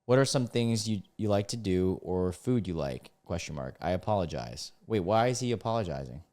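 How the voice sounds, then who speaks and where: A man, reading chat screenshots aloud and mocking them in casual reaction commentary, often breaking into loud disbelief. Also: low voice, expressive, moderate pace. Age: 20s. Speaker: content creator reacting to screenshots.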